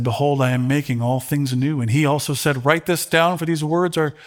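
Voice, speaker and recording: A middle-aged man with a somewhat high voice delivers a sermon. He talks earnestly, often repeating words as he searches for them, and sounds close to tears. When he reads scripture his voice climbs and swells. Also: fairly even intonation, normal speed. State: holding back tears. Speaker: pastor.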